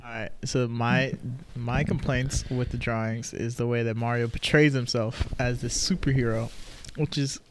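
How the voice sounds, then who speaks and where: A man's voice: mid-range voice, fairly even intonation, moderate pace, slight background noise. Teasing young man on a podcast. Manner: teasing, loose, with filler words. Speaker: podcast co-host. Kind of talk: casual chat.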